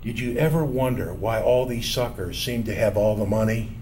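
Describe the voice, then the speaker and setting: A man doing a quiet gravelly godfather-type older man. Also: mid-range voice, normal speed, heavy background noise, lightly acted. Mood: dry teasing. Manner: eerily quiet, dry, menacing calm.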